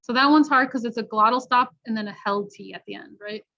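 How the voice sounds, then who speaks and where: A woman teaching pronunciation, modeling words slowly and repeating each one clearly. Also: fairly high pitch, pushed and bright. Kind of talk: slow, clear pronunciation lesson. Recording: dull lo-fi online class audio.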